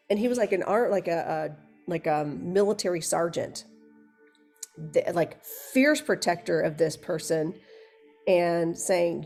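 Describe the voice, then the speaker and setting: A woman hypnosis practitioner co-hosting a candid chat, telling stories in a rambling, animated way. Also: lowish voice, slow pace, faint music behind. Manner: rambling, animated storytelling with restarts.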